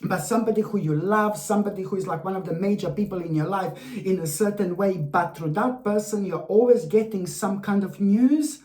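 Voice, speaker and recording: An effusive tarot reader talks straight to the viewer, circling back and repeating key points with fond, gushing emphasis. The voice sits at a middling pitch, and the room adds a noticeable echo around it. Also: fairly quick, a little mellow. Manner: effusive, repetitive, addresses the viewer fondly. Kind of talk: weekly horoscope tarot reading to camera. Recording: roomy echo.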